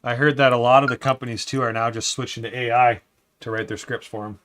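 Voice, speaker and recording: A man hosts a relaxed live stream as he builds a Lego set. His voice sits at an everyday middle pitch. He reads out viewer comments and talks through his opinions, then drifts into low, quiet mutters as he works on the pieces. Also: quick pace. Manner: often drops to quiet muttering while building. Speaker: livestream host building Lego. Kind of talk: casual live-stream chat.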